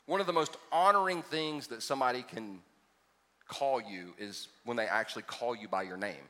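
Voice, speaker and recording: A pastor delivers a sermon full of storytelling, folksy and joking as he builds to emphatic points. His medium-pitched voice is pushed and bright. He's in a large church hall, and the recording is reverberant.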